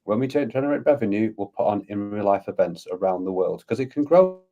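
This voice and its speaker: A man's voice: lowish voice, lively intonation, fairly quick, dark tone, lo-fi sound. A man, a guest on a podcast, talking eagerly and at length in a casual conversation. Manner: eager, rambling, talks at length. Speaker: guest, crypto community founder.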